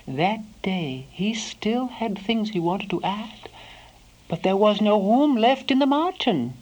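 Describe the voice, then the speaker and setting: A woman playing a devoted elderly housekeeper, recalling her employer in a soft first-person monologue that sometimes sinks to a whisper. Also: mid-range voice, lively intonation, takes it slowly, poor audio. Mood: wistful. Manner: soft-spoken, slips into hushed whispers.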